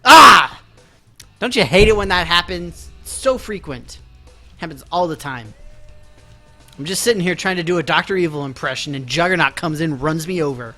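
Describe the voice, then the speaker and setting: A male game streamer talks casually to his viewers while he plays. His voice sits a little high and sounds bright and forward. Soft game music plays faintly underneath. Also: lively intonation, fairly quick. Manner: chatty and self-mocking, talking to viewers while playing. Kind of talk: casual live-stream gameplay chat.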